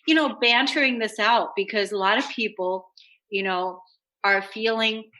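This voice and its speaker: Woman talk radio host: bright, upbeat, earnest self-help chat. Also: mid-range voice, moderate pace, poor audio.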